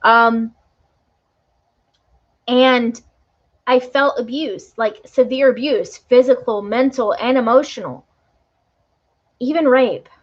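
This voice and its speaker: Tarot lady chatting to her live stream, bit high voice, emotional and earnest, dull lo-fi audio. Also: slow pace, long pauses. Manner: earnest and emotional, tag questions like "right?". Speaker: tarot reader. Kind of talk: live stream talk to viewers.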